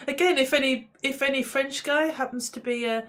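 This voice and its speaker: Woman co-host, higher voice, unhurried and giggly, teasing banter. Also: fairly even intonation, a bit bright. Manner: giggly, teasing, laughs often. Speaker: podcast co-host. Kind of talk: casual chat.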